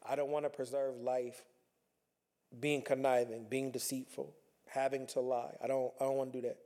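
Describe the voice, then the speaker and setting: A man's voice: medium pitch, level tone, normal speed, dark tone. A man talking earnestly in a reflective personal monologue, conversational and repeating himself as he works through his thoughts.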